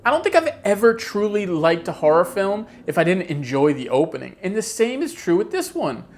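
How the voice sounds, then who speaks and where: A woman rants with exasperated energy, her pitch leaping up and down as she pokes fun at what annoys her. Her delivery is casual and sarcastic, with lots of asides. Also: big pitch swings, a little fast, a little mellow, slight background noise. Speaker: horror channel host. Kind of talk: casual opinion rant.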